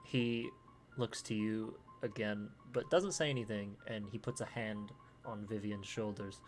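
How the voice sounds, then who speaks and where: A man's voice: fairly low pitch, steady tone, measured pace, music in the background. A man narrating a tabletop game as dungeon master, with many fillers and restarts. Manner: filler-heavy, laughing narration.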